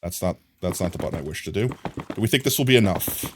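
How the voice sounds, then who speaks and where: A man's voice: low voice, animated, fast, slight background noise. Chatty American man streaming a game. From United States. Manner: rambling, chatty, talks to chat and reads it aloud. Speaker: livestreamer. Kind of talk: casual livestream chat while gaming. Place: home room with his dog.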